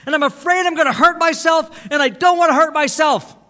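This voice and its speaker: A man putting on a frightened drunk man, desperate and pleading, pitched well above a speaking voice that is already high and bright, loud and strained. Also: fairly quick.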